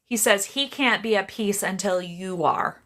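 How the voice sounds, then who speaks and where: A woman's voice: mid-range voice, measured pace, a bit bright. A woman doing psychic readings on a live stream, chatty and rambling, often breaking off to greet viewers by name. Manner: chatty, restarts a lot, talks to viewers by name.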